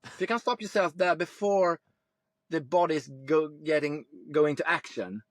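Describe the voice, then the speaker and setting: A man's voice: a little high, normal speed, dry recording, clean studio sound. A man from Sweden, a guest on a podcast interview, reflective and plain-spoken, who swears casually.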